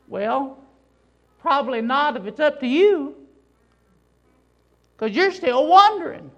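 High gravelly woman preaching. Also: big pitch swings, slow pace, rough recording. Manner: emphatic, full of rhetorical questions. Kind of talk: sermon.

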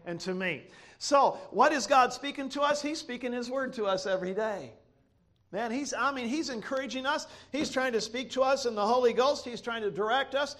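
A man's voice: very high-pitched, moderate pace, fairly bright tone. A male pastor from Ohio preaching a sermon with emphatic, rising delivery and call-and-response.

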